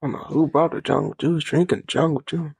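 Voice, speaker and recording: A young man co-hosting a podcast in loose, profane, animated chat, laughing often. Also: on the high side, brisk, husky. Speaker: podcast co-host. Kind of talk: casual chat.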